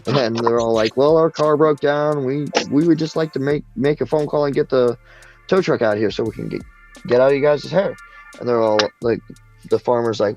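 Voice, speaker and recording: Man, co-host, laid-back joke teller, mid pitch; faint music in the background. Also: normal speed, a little mellow, low-quality recording. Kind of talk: casual joke telling.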